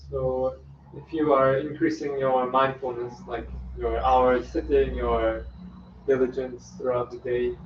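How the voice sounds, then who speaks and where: A man's voice: mid-range voice, level tone, measured pace, a little hiss or hum. A man asking a hesitant question in a meditation class. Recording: echoey, dull, from far off.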